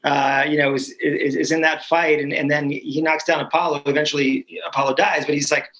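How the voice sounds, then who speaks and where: A man's voice: a little high, flat delivery, a little fast, fairly bright tone, slight background noise, rough recording. Give me a friendly, rambling male host. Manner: friendly, rambling with many restarts. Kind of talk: casual panel discussion.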